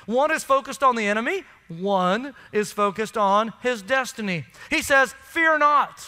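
High, bright-voiced preacher in a hall. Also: male voice, normal speed, clear, resonant tone. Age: adult with children. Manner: emphatic, conversational preaching with rhetorical questions. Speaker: pastor. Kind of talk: sermon. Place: church sanctuary.

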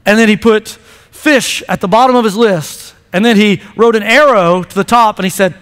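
A man in his thirties preaching from the stage of a church sanctuary. His voice sits very high and comes across smooth and resonant, and each line trails into a long hall reverb. He talks in a loose, playful way and stumbles over repeated words as he gets going. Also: fairly quick, fairly bright tone. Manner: chatty, playful, repeats words when starting sentences. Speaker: pastor. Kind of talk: sermon.

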